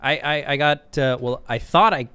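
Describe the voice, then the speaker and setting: A man's voice: mid-range voice, normal speed, pushed and bright, clear, resonant tone. A man on a podcast panel, talking plainly in short sentences in casual chat.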